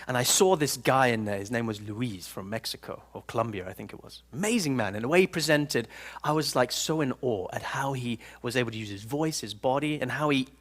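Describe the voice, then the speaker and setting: A man giving a live seminar talk to an audience in a room, telling stories in an animated, playful way. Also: mid-range voice, fairly quick. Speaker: personal development speaker.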